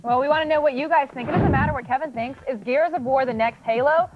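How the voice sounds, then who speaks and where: A bubbly woman co-hosts a live television show in a high voice, laughing between lines. She rattles through promos very fast. The sound is dull lo-fi, like an archived broadcast. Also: background noise. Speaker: co-host.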